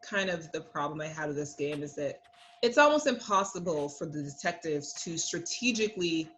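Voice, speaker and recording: A woman co-hosting a casual podcast, talking animatedly and acting out people's lines with big pitch jumps. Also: animated, normal speed, a bit bright, slight background noise, rough recording. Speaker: podcast co-host. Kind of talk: casual recap chat.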